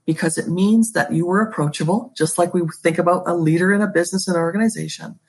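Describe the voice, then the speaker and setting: A woman's voice: fairly low pitch, fairly quick, vocal fry, breathy edge. A woman guest talking as an educator and school leader in a podcast interview, emphatic and passionate, with pet phrases she repeats.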